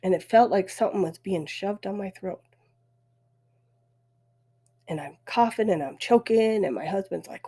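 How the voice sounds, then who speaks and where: A middle-aged woman tells her own story on her podcast, halting and close to tears. Her voice is husky and breathy, with a mellow, dark tone. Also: medium pitch, animated. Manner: emotional, halting, voice breaking. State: weepy. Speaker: podcast host. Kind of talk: personal storytelling.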